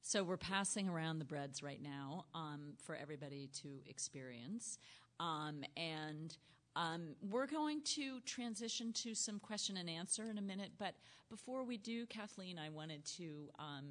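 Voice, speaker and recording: A woman's voice: low voice, measured pace, fairly bright tone. A woman hosting a live onstage interview with an audience, chatty and laughing, with many ums. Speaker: event host and interviewer.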